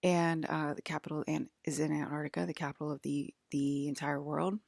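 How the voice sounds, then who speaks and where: A woman's voice: deep voice, flat delivery, brisk, gravelly, darkish tone, no echo, clean studio sound. A woman rambling through a personal monologue for her viewers, hesitant and full of fillers, sounding jittery and anxious. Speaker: vlogger.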